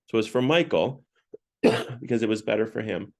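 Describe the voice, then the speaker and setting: A man's voice: medium pitch, brisk. A man leading a parish Lent book talk, retelling scenes in a conversational way with frequent restarts. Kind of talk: casual retelling and teaching talk.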